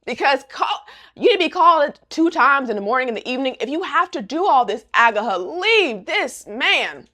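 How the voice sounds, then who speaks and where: A woman's voice: high voice, sing-song, moderate pace, sharp tone. A young woman recapping a manga in casual, sassy commentary with joking asides.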